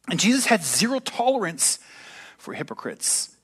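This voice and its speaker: A man's voice: fairly high pitch, lively intonation, normal speed, a bit bright. Man preaching a casual, joking sermon. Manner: conversational preaching with joking asides. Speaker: pastor. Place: church service.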